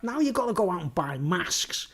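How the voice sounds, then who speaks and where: Rambling man with a lively voice. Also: high-pitched, moderate pace. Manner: conversational, tag questions, frequent "you know what I mean". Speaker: vlogger. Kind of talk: rambling conspiracy monologue to camera.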